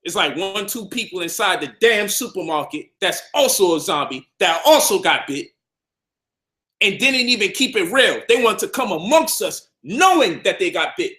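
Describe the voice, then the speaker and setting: A man's voice: high voice, sing-song, moderate pace, bright, forceful tone. A man from Brooklyn, delivering an emphatic, combative monologue to camera about health and his community, repeating points for stress. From Brownsville, Brooklyn, New York. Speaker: health and conscious-community speaker.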